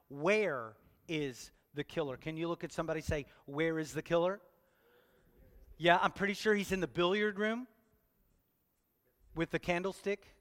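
Man preaching, high voice, playful, long hall echo. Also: a bit bright. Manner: playful, talks straight to the congregation with questions. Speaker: pastor. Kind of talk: sermon. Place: church hall. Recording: long church hall reverb.

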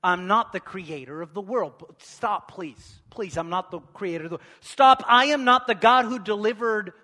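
A man's voice: very high-pitched, fairly even intonation, normal speed, sharp tone, big-room sound. A man voicing an anxious ancient king who hurriedly protests that he is only a man. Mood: pleading.

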